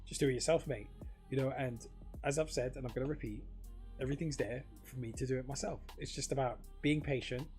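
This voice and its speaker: A man rambles to camera in a loose, unscripted monologue, full of filler words and casual swearing. His voice sits at an ordinary middle pitch. Faint music plays quietly underneath. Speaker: crypto vlogger.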